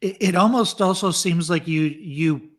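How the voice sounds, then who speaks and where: A man's voice: high-pitched, measured pace. A man co-hosting a podcast interview, effusive, often stammering and restarting his words. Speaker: podcast co-host.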